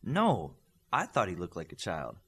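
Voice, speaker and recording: A man's voice: medium pitch, very animated, a little fast, husky. A man voicing a proud, stern female teacher with a Scottish accent, dry and pointed in how she speaks. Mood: stern teacherly.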